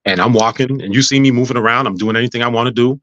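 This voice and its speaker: A man telling a personal story in casual chat, animated, acting out dialogue with frequent stammers and restarts. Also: medium pitch, rapid-fire, dry recording, dull audio. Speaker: guest.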